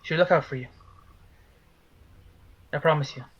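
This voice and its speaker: A man voicing a gentle, fatherly male devotee who keeps tagging his sentences with "eh?". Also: on the high side, a little slow, slightly rough, muffled recording. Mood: soothing. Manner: soft-spoken, ends phrases with "eh?".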